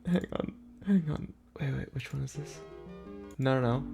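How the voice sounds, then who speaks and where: A man's voice: medium pitch, moderate pace, vocal fry, over music. A man on a podcast livestream talking casually and profanely, stumbling and restarting mid-sentence. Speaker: podcast co-host.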